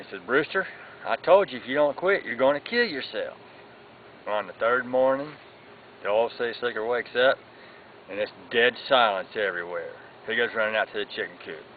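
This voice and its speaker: Folksy man telling a joke. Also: on the low side. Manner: folksy, drawn-out storytelling. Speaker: joke teller. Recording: tinny lo-fi sound with faint background noise.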